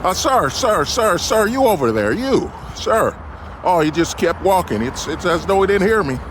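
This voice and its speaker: A man's voice: high-pitched, sing-song, normal speed, noisy background, pitched above the performer's own voice. A man doing a frantic TV news reporter. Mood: urgent. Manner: alarmed, repeated rhetorical questions. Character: excitable male TV news reporter.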